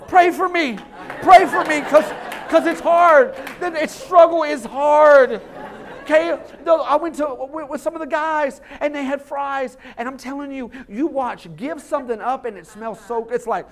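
Pastor guy preaching, jokey and animated, keeps doing little voices. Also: extremely high pitch, a little slow, a faint crowd. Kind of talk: sermon.

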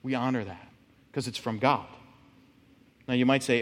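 A man's voice: mid-range voice, steady tone, moderate pace, long reverb tail. A male pastor giving a sermon in a conversational way, often checking in with "right?". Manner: conversational, frequent "right?" asides.

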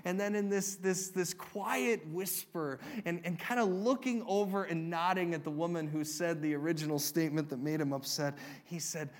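A man, a pastor, preaching a sermon and telling a story, moving from emphatic peaks to a soft, quiet close. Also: sits high, normal speed.

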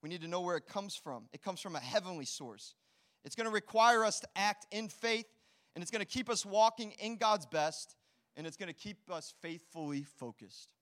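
A man preaching a sermon in a church hall, animated and storytelling, acting out quotes. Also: sits high, normal speed. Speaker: pastor.

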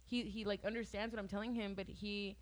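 A woman's voice: medium pitch, level tone, fairly quick. Chatty young woman telling stories. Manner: chatty storyteller, heavy use of "like", frequent laughs. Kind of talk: casual chat.

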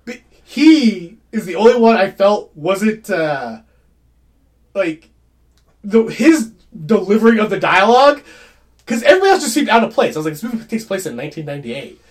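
A man co-hosting a casual movie discussion, animated and halting with frequent restarts. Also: high-pitched.

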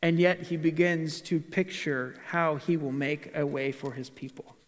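A man's voice: fairly high pitch, steady tone, a little slow. A male pastor giving a sermon in a church, asking rhetorical questions and reading scripture aloud. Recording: long reverb of a large hall.

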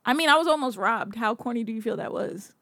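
A young woman co-hosting a casual chat podcast, telling stories with slangy flair. Her voice sits high and swings widely in pitch, with a bright edge. The recording is dry and close. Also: fast, gravelly, dry recording. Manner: animated storyteller, slangy, laughs often. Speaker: podcast co-host.

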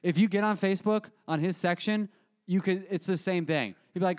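Comic host, fairly high, clear voice, animated storyteller who does voices. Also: male voice, brisk. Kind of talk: casual comedic chat.

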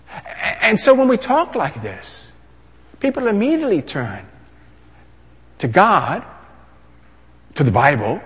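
Male preacher, lively delivery, slightly husky voice, long hall reverb. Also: a little high. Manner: animated, rising to emphatic crescendos. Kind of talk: sermon.

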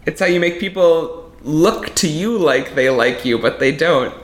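A man's voice: fairly high pitch, unhurried. Candid, storytelling man in casual chat. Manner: candid storytelling, laughs often, swears casually. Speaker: magician guest. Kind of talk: casual podcast conversation.

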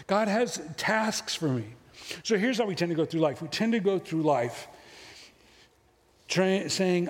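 A man's voice: sits high, measured pace, big-room sound. A middle-aged male pastor preaching a sermon, telling stories and joking with the congregation. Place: church sanctuary.

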